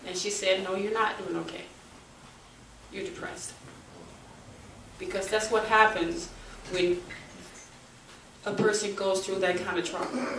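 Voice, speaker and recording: Middle-aged woman, public testimony, earnest, halting, roomy echo, faint hiss. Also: medium pitch. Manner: earnest, halting, turning forceful. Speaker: bereaved mother speaking at a forum. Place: community meeting room. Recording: echoey room, from far off, faint noise.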